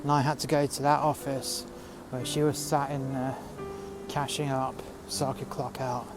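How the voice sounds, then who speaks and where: A man's voice: mid-range voice, level tone, normal speed, loud music behind the voice. A man telling a fictional workplace story as an aggrieved, profane rant, recorded outdoors in the cold.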